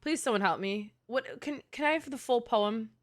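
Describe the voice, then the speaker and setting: A young woman live streaming a video game, excitable, laughing often and pleading with her chat. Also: on the high side, normal speed.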